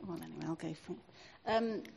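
A woman sharing and leading a spontaneous prayer, soft and halting with fillers. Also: low-pitched, vocal fry, husky, rough recording. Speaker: church member leading prayer.

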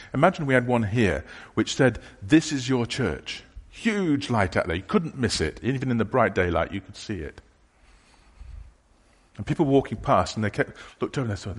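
A man preaching a sermon in a church hall. He talks in a conversational, halting way, restarting phrases and voicing imagined questions from passers-by. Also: lowish voice, husky. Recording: long hall reverb.

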